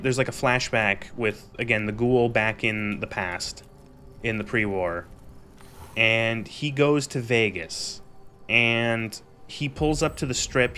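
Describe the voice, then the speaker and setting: A young man streamer recapping a show in a casual, exasperated rant, animated and swearing freely. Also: medium pitch, a little hiss or hum.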